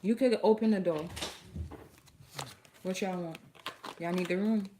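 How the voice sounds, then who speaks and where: A woman's voice: on the low side, unhurried, noisy background. A woman in her thirties giving a live spiritual reading, soothing and affirming as she speaks to listeners as "beloved". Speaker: spiritual card reader.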